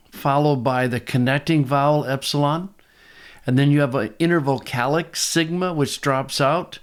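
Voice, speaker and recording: An older man teaching a Greek lesson, explaining the grammar step by step and asking rhetorical questions. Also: medium pitch. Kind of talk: slow, deliberate Greek lesson.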